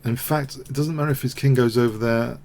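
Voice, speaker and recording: A man's voice: medium pitch, fairly even intonation, fairly quick, noisy background. A man commentating his own online chess games, thinking aloud with wry, self-mocking asides. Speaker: chess streamer. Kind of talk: live commentary while playing.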